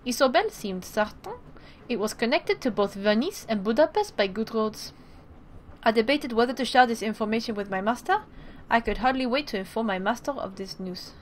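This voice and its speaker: A woman's voice: fairly high pitch, normal speed, a little hiss or hum. A woman streamer reading the story text of a game aloud, with chatty asides in between. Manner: reads narration, then breaks off into excited asides. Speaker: let's play streamer.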